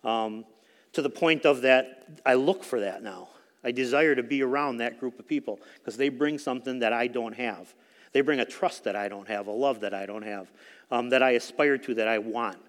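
A man's voice: medium pitch, moderate pace, big-room sound. A middle-aged man giving a conversational sermon testimony in a church, telling a story with frequent fillers. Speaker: speaker at church.

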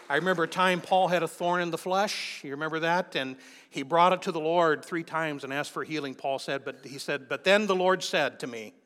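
A man's voice: on the high side, moderate pace, fairly bright tone. A man preaching a sermon, telling a personal testimony and then exhorting his listeners fervently. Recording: long hall reverb.

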